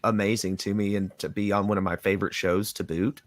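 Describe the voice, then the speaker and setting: A lowish-voiced man gives earnest, measured thoughts as a podcast co-host. His voice is close and dry, with no room sound. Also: flat delivery, dry recording. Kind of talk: casual review chat.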